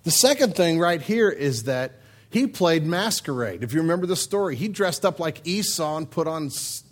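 A man preaching a humorous sermon, joking and talking in an animated, conversational way. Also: on the high side.

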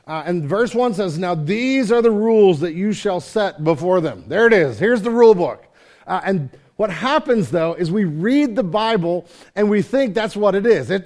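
A man's voice: high voice, a little mellow. Earnest, emphatic man preaching a sermon. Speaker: pastor.

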